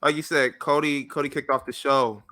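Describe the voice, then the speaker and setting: A man's voice: on the high side, moderate pace. A man co-hosting a podcast in casual chat, telling stories and acting out quotes. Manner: animated storyteller who acts out quotes. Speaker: podcast co-host. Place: podcast studio.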